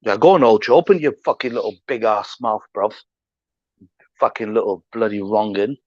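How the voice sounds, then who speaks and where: A man's voice: fairly low pitch, normal speed, darkish tone, dry recording. A man hosting a livestream, ranting in heated casual talk, slangy, combative and full of swearing. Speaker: livestream host. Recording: dull lo-fi stream audio.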